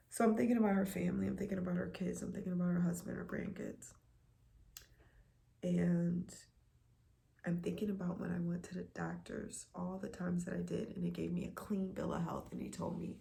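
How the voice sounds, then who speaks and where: Woman, low and gravelly, earnest casual vlogger, repeats herself for weight, drops soft and breathy at times. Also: normal speed. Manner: earnest, repeats lines for emphasis, often softens to near a whisper. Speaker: vlogger sharing a health journey. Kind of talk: casual personal vlog.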